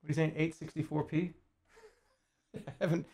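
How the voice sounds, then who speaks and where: A man's voice: fairly high pitch, little pitch movement, moderate pace, mellow, slightly rough. A man in his forties streaming casually, joking and swearing as he chats to viewers while putting a puzzle together. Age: 40s. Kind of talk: casual livestream chat.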